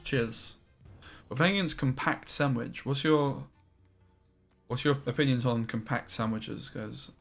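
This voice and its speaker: Young male streamer, casual and chatty, bright tone, faint music behind. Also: mid-range voice, a little slow, gravelly. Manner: casual, chatty, reads chat aloud. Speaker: card-game streamer. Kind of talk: live-stream commentary while playing.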